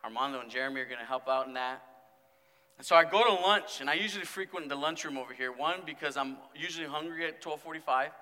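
A man who is a student pastor, preaching a sermon and acting out stories, swinging from mumbled quotes to loud exclamations. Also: on the high side, fast talker. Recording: long hall reverb.

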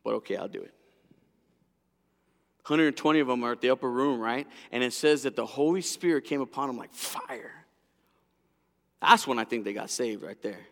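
A middle-aged man preaching a sermon as a pastor, an animated storyteller whose lively delivery drops to hushed intensity. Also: medium pitch, a little fast. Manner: animated storyteller, acting out voices. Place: large church hall. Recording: long hall reverb.

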